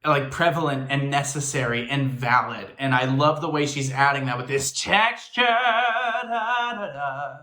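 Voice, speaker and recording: A man's voice: medium pitch, steady tone, normal speed, few pauses, sharp tone. A man hosting a reaction video, giving enthusiastic, analytical commentary on singing technique. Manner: analytical, breaks down and imitates singing. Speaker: reaction video host, actor and filmmaker. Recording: echoey room.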